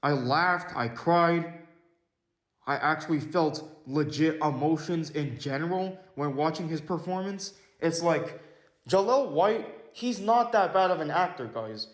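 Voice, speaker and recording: A man's voice: a little high, lively intonation, measured pace. A man casually reviewing a movie, rambling with lots of fillers, correcting himself, and swearing now and then. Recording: echoey room.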